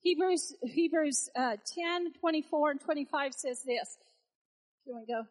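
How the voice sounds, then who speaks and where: A woman preaches with a notably high voice, moving between storytelling and urgent exhortation. Her delivery is animated and emphatic, leaning hard on repeated phrases. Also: unhurried, rough recording. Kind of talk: sermon.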